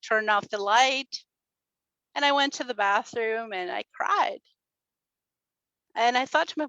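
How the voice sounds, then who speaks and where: A woman in her forties giving a motivational talk at a summit, telling her story with warmth, laughter and acted-out quotes. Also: a little high, a little slow, long pauses, no room sound, muffled recording. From Chile. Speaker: speaker at a summit, radio and podcast host. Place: stage at a summit.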